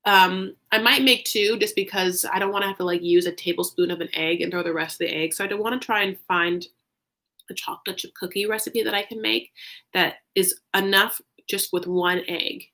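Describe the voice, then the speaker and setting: A woman's voice: mid-range voice, fairly even intonation, a little fast, sharp tone. A woman hosting a casual livestream recap, chatting loosely, saying "like" a lot and answering viewer comments. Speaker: recap show host.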